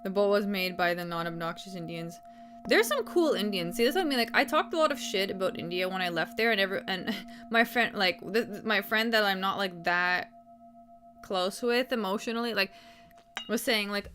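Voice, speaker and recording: A woman's voice: medium pitch, animated, moderate pace, fairly bright tone, slight background noise. A young adult woman chatting casually on a livestream, rambling and swearing freely.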